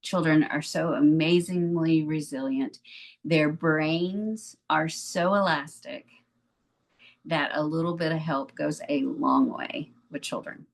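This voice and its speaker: A woman co-hosting an advice podcast on betrayal recovery, explaining in a gentle, measured way. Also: sits low, steady tone, gravelly. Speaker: podcast co-host, therapist. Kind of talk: calm advice talk.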